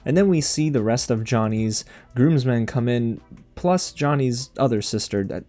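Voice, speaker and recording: A man hosting a casual recap and review, animated and sassy, talking straight to his viewers. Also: medium pitch, moderate pace. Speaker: TV show recap host.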